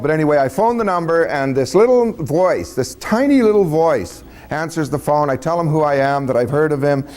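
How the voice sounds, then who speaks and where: A man's voice: mid-range voice, darkish tone. A man telling a personal story in a folksy, casual way, chuckling and acting out the dialogue as he goes.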